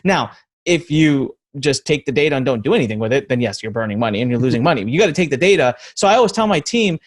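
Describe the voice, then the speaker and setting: A man's voice: mid-range voice, animated, fast. A man in his thirties hosting a podcast interview, talking in an easygoing, joking way. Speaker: podcast host.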